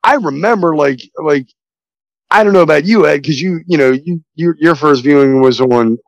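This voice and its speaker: A man hosting a casual movie podcast, talking in a rambling, excitable way with plenty of swearing. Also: on the high side, moderate pace, gravelly, no echo, dull audio. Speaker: podcast host.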